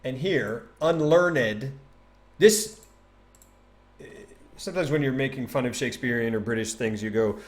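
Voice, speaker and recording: A man casually teaching a poem on a livestream, chatty and animated, thinking aloud and tapping out rhythms. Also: mid-range voice, normal speed, long pauses. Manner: taps out rhythm with nonsense syllables. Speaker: streamer explaining a poem.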